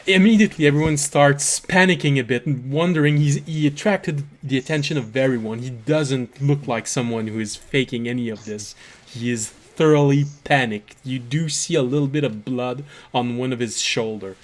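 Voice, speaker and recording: A man runs a tabletop game, setting each scene at an unhurried pace. He pauses often to gather his thoughts. His voice sits in a middle pitch. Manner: unhurried narration with fillers and restarts. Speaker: game master.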